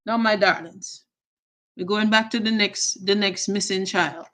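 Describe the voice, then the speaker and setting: A chatty woman with a Jamaican accent hosts a casual live stream. She greets her viewers one by one with endearments and drops into patois now and then. Her voice sits in an ordinary middle pitch. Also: steady tone, a little slow, a bit bright. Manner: slips into patois phrases.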